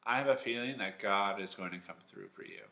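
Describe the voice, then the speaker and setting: A man's voice: fairly low pitch, fairly quick, pushed and bright. A man voicing a tired old priest. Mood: kindly. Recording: echoey room.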